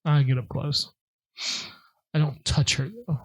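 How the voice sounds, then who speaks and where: Casting: man with a slightly high voice, jokey tabletop player who talks in a direct, casual way. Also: flat delivery, unhurried.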